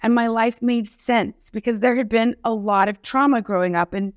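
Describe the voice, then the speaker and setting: Animated self-deprecating woman comedian. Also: fairly high pitch, normal speed, no room sound, clean studio sound. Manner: animated, self-deprecating, acts out quoted lines. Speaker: comedian and speaker, interview guest. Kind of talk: casual interview storytelling.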